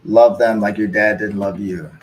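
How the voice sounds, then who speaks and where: A man's voice: lowish voice, steady tone. A man in his thirties from the United States, hosting a livestream and chatting casually as he reads out viewer comments. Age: 30s. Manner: chatty, reacts to chat in quick asides. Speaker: livestream host. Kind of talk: casual watch-along chat, reading viewer comments.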